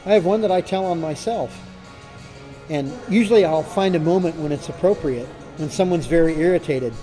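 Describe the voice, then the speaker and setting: A man's voice: on the high side, brisk, dark tone, soft background music. A man telling a wry, self-mocking story about himself. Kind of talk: casual interview answers.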